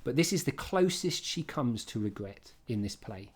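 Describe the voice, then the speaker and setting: A man giving an informal, emphatic revision lesson on a play, with quick asides and restarts. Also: medium pitch, animated, slightly rough. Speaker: English literature teacher.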